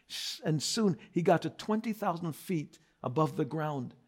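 High-voiced preaching pastor, man. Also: expressive, unhurried, hardly any pauses. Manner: preaching with rising emphatic repetition and dramatic soft drops. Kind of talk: sermon.

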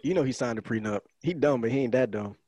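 A man's voice: medium pitch, fast talker, warm tone, slightly rough, no echo, lo-fi sound. A man hosting a podcast, opening the show and bantering casually with his co-hosts. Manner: joking, laid-back banter. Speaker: podcast host. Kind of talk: casual chat.

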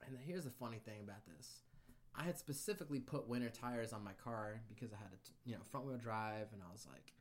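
A man, a guest on a podcast, telling a story in a casual, animated way, swearing freely and acting out what people said. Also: fairly low pitch, fast talker, a little hiss or hum.

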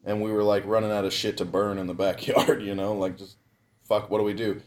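A man's voice: lowish voice, little pitch movement, a little fast, darkish tone. A young man telling a long story in a casual, rambling way, swearing constantly and breaking into laughs. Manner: profane, rambling, laughs often.

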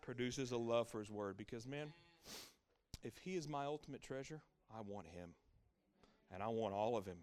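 A middle-aged man preaching a sermon as pastor, with an emphatic, repetitive cadence that drops to hushed lines and climbs to loud exclaiming peaks. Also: medium pitch, normal speed.

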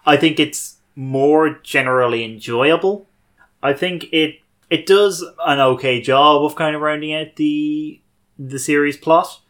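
A man's voice: a little high, measured pace, a bit bright. A man hosting a podcast, chatting casually about a TV episode in a thoughtful, wry way that often corrects itself mid-sentence. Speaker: podcast host. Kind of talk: casual review chat.

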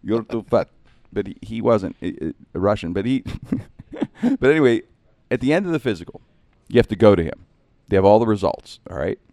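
A man's voice: on the low side, brisk, dry recording. A middle-aged man hosting a show, telling a long comic story in casual chat and acting out other people's lines. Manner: animated, jokey, acts out other people's lines.

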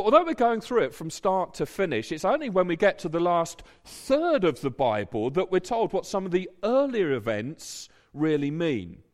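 A preacher speaks with an earnest, conversational warmth that swells into emphatic points. His fairly high voice moves in lively, animated swoops. He sounds like he is talking straight to a congregation. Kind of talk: sermon.

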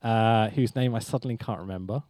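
A man's voice: on the low side, a little fast, a little mellow, no echo, studio quality. A young man, chatting as a podcast guest, telling stories with lots of laughter and swearing. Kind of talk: casual chat.

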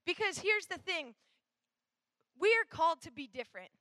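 A woman's voice: extremely high pitch, lively intonation, moderate pace, bright, forceful tone, no echo. A woman from Minnesota giving a chatty, rambling youth sermon, full of fillers and asides.

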